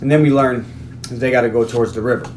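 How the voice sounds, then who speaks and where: A man's voice: mid-range voice, fairly even intonation, darkish tone, a little hiss or hum. A man co-hosting a movie podcast, casually retelling scenes, laughing and swearing often. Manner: laughing, profane, retells scenes with quick voiced quotes. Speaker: podcast co-host. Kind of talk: casual movie recap chat.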